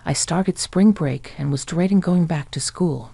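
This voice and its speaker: Guy reading out a story, gravelly and husky, dry close sound. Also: fairly high pitch, a little slow, warm tone, no room sound. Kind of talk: scripted first-person narration.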